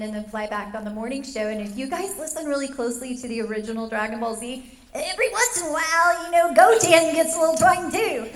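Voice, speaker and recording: A woman with a high voice tells animated stories in a casual panel chat, laughing often as she goes. Her voice rings through an echoey convention room. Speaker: voice actor and former radio DJ.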